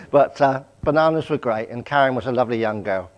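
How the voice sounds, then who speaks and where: A man in his sixties from Southampton, giving a personal testimony talk as a guest speaker, anecdotal with self-deprecating humour. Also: medium pitch. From England, Southampton. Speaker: guest speaker, charity chief executive.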